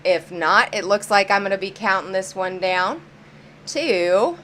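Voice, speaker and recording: A woman's voice: mid-range voice, measured pace, fairly bright tone, slight background noise. Upbeat woman calling a live coin auction. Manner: upbeat, chatty, greets viewers by name.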